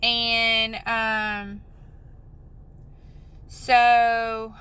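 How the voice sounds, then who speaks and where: A woman's voice: a little high, level tone, drawn-out words, sharp tone, clean tone, poor audio. A woman venting in a rambling, upset, apologetic way in a vlog, recorded on a phone in a parked car. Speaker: vlogger.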